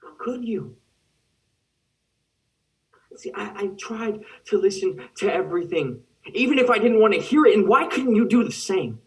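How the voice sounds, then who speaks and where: A young man acting out a heartbroken young man who turns on the lover who broke him. His voice is high for a man and anguished, and he sounds set back from the mic on a video call. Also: lively intonation, normal speed, long pauses, recorded from a distance, poor audio. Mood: bitter. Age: young adult. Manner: bitter, anguished. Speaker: student actor. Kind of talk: dramatic monologue.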